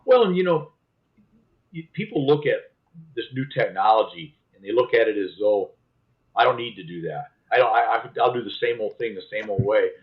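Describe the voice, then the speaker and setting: A man's voice: on the low side, lively intonation, moderate pace. A man as a guest on a casual live-stream interview, easygoing and agreeing with short affirmations. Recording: dull lo-fi stream audio.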